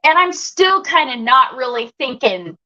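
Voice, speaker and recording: A woman's voice: high-pitched, very animated, a little slow, sharp tone, muffled recording. A woman guest telling a personal story with animation, acting out the voices she quotes.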